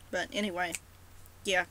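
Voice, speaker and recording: A woman's voice: fairly low pitch, background noise. A woman with a sore throat talking casually to her followers in a rambling, self-deprecating way. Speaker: roleplay blogger. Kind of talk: casual vlog talk.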